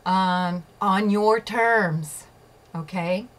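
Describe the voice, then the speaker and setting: A medium-pitched woman vlogger draws out her words as she tells a personal story on a rough recording. She's emphatic, swears at times, and keeps asking her listeners "okay?" and "right?"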